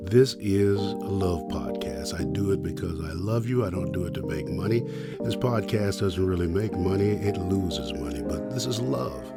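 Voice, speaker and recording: An older man from Richmond hosting a storytelling podcast, reminiscing in the first person and thanking listeners warmly. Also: low voice, normal speed, over loud music. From Richmond, United States. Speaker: podcast host and producer.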